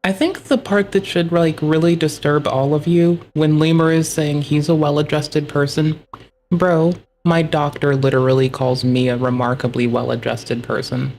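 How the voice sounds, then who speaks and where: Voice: medium pitch, little pitch movement, moderate pace, darkish tone. A streamer commenting sarcastically to the audience. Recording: faint background noise.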